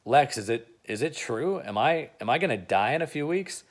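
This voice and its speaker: A man voicing a frightened young male clone who pleads and apologizes, a bit higher than his own voice. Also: lively intonation, moderate pace, lightly acted. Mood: anxious.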